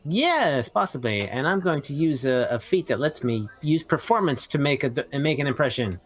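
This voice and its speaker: A man's voice: a little high, big pitch swings, normal speed. A man playing a tabletop game, talking in a playful, jokey way. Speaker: player.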